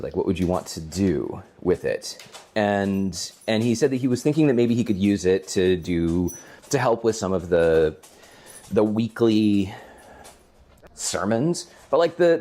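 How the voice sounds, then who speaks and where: A man's voice: low-pitched, darkish tone. A man co-hosting a gaming stream from home, telling long rambling stories in casual chat and chuckling often. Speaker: co-host of a gaming channel.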